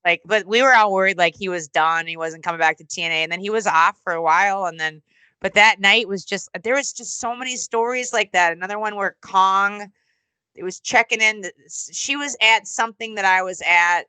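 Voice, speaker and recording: A middle-aged woman telling stories in a casual interview, animated and swearing, acting out quotes in other voices. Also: a little fast, clean tone, no room sound, low-quality recording. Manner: animated, swearing, acts out quotes with big pitch jumps. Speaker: interview guest, former wrestling announcer and musician. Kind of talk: casual storytelling.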